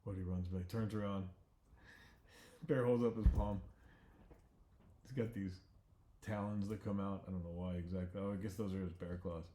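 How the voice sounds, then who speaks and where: A man casually retelling an animated scene he storyboarded, in a loose, relaxed way with offhand asides. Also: low voice, moderate pace, pauses often, slight background noise. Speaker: storyboard artist. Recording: echoey room.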